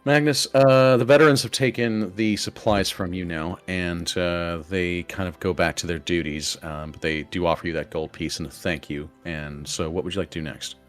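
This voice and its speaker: A man's voice: deep voice, steady tone, moderate pace, hardly any pauses. A man narrating as game master in a loose, filler-heavy storytelling manner. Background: faint ambient music.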